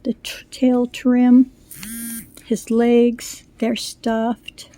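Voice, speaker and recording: A woman's voice: on the high side, completely flat delivery, drawn-out words, mellow. A middle-aged woman chatting casually about her crochet work, gushing and rambling with fillers, a little out of breath. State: slightly out of breath. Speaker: crochet vlogger. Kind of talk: casual show-and-tell chat.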